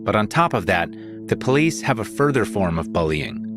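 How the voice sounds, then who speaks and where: A man narrating a scripted podcast in a steady, deliberate way. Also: on the low side. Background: music.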